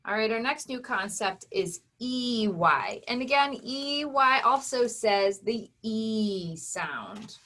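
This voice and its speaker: A woman's voice: on the high side, animated, takes it slowly, hardly any pauses, pushed and bright. A woman teaching a phonics lesson, explaining step by step to young learners with patience.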